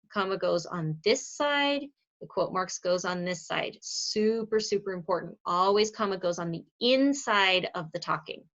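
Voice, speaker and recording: A woman's voice: fairly low pitch, animated, moderate pace, a bit bright. A woman teaching a grammar lesson on video in a chatty way, stopping to correct her own slips. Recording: slightly dull lo-fi recording.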